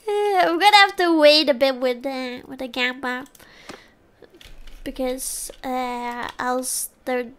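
Woman, very high voice, slow easy delivery, giggly, excitable, casual game stream chat. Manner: giggly, laughs often between lines; excitable, groans and cheers at the game. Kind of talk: casual live gameplay chat. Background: faint background music.

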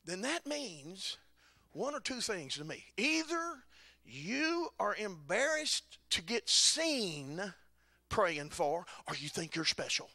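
Gravelly preacher, folksy storytelling. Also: male voice, sits high, big pitch swings, slow pace, no room sound. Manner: folksy, dry humor building to shouting. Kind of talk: storytelling sermon.

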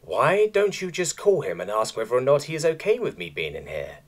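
A man's voice: mid-range voice, wildly swooping pitch, brisk, pitched above the performer's own voice. A man voicing a stubborn young female cat-like alien with a teasing, cooing manner. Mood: smug.

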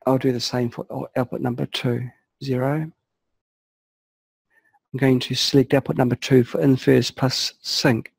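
Calm man walking through software steps. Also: mid-range voice, moderate pace, gravelly, long pauses, slightly rough, no echo, poor audio. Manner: calm, methodical, narrates each click. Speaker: software tutorial presenter. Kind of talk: screen-recorded software walkthrough.

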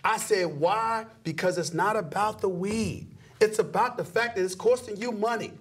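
A middle-aged man in an animated interview, emphatic and preachy, dropping low then shooting up into high exclamations. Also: normal speed, breathy edge. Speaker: sports commentator guest.

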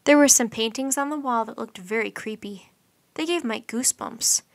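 A woman reads a children's bedtime storybook aloud, lively and expressive. Her voice is bright and sits a little high. The sound is dry and close. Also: no room sound.

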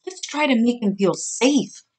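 A woman's voice: on the high side, animated, measured pace, a little mellow, pitched above the performer's own voice. A woman doing Oakley, a soothing mother pig. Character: caring mother pig, soft and reassuring.

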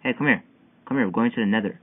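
A young man giving excitable, frustrated commentary while playing a parkour game, yelping at each failed jump. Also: on the low side, rapid-fire, breathy edge. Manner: excitable, yelping and whining at failures. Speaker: gamer. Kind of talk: gameplay commentary. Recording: tinny phone-like mic with faint hiss.

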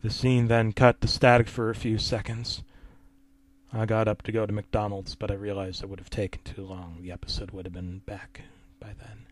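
A man's voice: lowish voice, flat delivery, moderate pace, no room sound. A man reading a horror story aloud, casual and wry, sometimes dropping to a whisper. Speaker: narrator.

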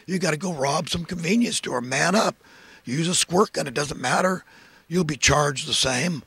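A man's voice: on the high side, normal speed, gravelly, fairly bright tone, husky, no room sound. A man delivering a preachy, impassioned monologue of social commentary, full of emphatic rhetorical questions. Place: in California.

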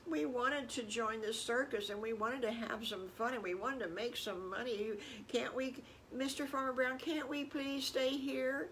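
Small frightened children from a spoken bedtime story beg and stumble over their words in a lifted, pleading voice, as an older woman puts them on. The voice sits at an ordinary middle pitch for a woman, nudged upward. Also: steady tone, moderate pace, few pauses, a bit bright, slight background noise, natural voice, rough recording. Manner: pleading, stammering.

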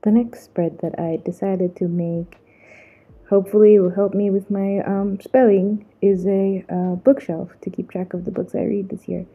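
Recorded through a muffled, phone-like mic, this vlogger from Zambia has a medium-pitched, breathy voice with fairly even intonation. She narrates casually, poking fun at herself and stretching out slangy asides.

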